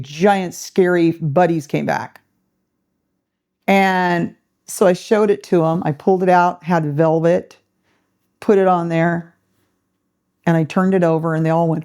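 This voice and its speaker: Middle-aged woman, podcast host, casual storytelling, low mellow voice, animated quoted voices. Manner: animated, acts out quoted voices, laughs often.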